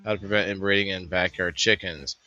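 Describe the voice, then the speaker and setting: Man, host, casual chat, jokey and rambling, very low pitch, slightly dull recording. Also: steady tone, fairly quick, pushed and bright, faint music behind. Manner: jokey, rambling, puts on silly accents. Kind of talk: casual chat reading news.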